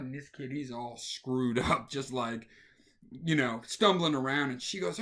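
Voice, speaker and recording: Animated man acting out a story. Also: medium pitch, unhurried. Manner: animated, acts out scenes with voices. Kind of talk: casual anecdote telling.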